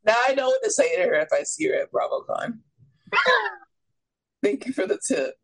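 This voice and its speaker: A woman's voice: mid-range voice, big pitch swings, moderate pace, rough recording. A woman hosting a podcast, blunt and playful in casual chat. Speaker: podcast host.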